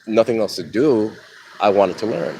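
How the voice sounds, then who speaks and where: A middle-aged man with a deep, low voice tells a personal story live, candid and rambling, swearing freely. He is outdoors by a street, speaking into a phone, and passing vehicles rumble clearly behind him. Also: normal speed, dark tone, rough recording.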